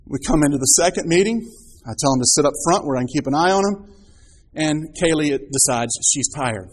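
A man in his thirties preaching a sermon, telling stories with rhetorical questions and rising emphasis. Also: on the high side.

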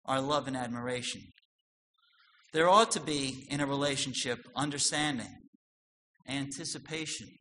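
A man preaching a sermon, swinging from loud emphatic lines to soft, low asides. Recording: long hall reverb with faint noise.

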